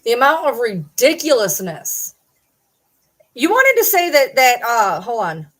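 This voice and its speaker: A woman's voice: fairly high pitch, big pitch swings, unhurried, slightly rough. A middle-aged woman hosting her own vlog, talking casually and ranting at viewers in an indignant, sarcastic, challenging way. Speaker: channel host.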